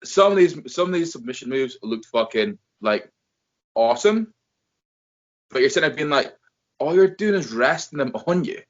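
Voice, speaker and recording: A man's voice: a little high, moderate pace. Swearing, rambling man on a lo-fi podcast. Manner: profane, rambling, animated. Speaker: wrestling podcast host. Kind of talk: casual chat. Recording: dull lo-fi sound.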